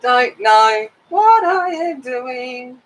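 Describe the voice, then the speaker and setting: Hosting a coloring live stream, a middle-aged woman chats casually and rambles, greeting viewers by name. Her voice sits high with lively intonation, she speaks very slowly, and the recording is rough.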